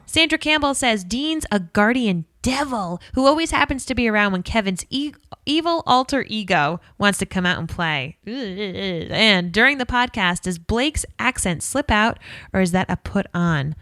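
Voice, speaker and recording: A woman's voice: medium pitch, expressive, moderate pace, fairly bright tone, no room sound, studio quality. A woman co-hosting a podcast, reading listener tweets in casual chat and adding wry asides. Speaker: podcast co-host.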